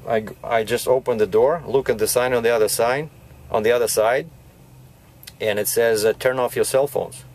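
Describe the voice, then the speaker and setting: A man who drives a truck, chatting from his cab as he tells a long, rambling story. He starts over often and keeps asking "right?" to pull the listener along. His voice sits at an ordinary middle pitch. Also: a little mellow. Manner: rambling, with frequent restarts and "you know, right?". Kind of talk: casual storytelling vlog.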